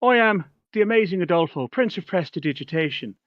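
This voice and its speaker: Man doing a pompous stage magician, flowery speech, lively pitch, dull lo-fi audio. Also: brisk, no room sound. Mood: grand. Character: showy male stage magician, grandiloquent.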